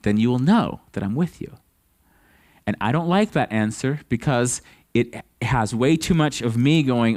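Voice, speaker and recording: Guy pastor giving a sunday sermon, earnest, mid pitch, keeps restarting and pushing up on questions. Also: lively intonation, a little slow, darkish tone. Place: church service.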